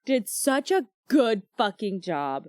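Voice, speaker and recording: Young woman, podcast co-host, higher voice, animated, dry close sound. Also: takes it slowly, no room sound. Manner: animated, reads quotes in character voices. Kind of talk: casual book club chat.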